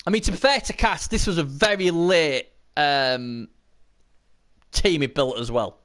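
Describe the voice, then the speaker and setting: A man gives casual, chatty live commentary on a video game match, bursting into shouts at big plays and swearing now and then. His voice is on the high side, his pace measured.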